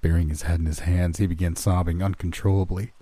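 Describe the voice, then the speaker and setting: Deep, husky male horror narrator. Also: little pitch movement, a little fast, warm tone, dry recording.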